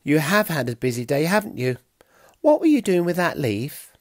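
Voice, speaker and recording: A man voicing a soft, friendly Stone Age girl who talks gently and with amusement. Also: on the high side, huge pitch swings, moderate pace, no echo, clean studio sound, voice pushed up. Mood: gentle.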